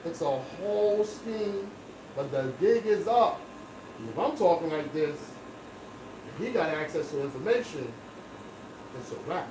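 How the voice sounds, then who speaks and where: A man with a fairly high voice holds forth in an emphatic, lecturing way during casual barbershop chat. The sound is roomy and echoing, with clear background noise from the shop around him. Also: animated, measured pace, long pauses, distant mic. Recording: echoey room with background noise.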